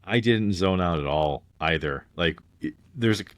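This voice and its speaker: Casting: 30s male podcast co-host, very deep and dry, loose rambling talk. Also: animated, moderate pace, fairly bright tone, dry recording. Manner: rambling, many restarts. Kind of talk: casual movie review chat.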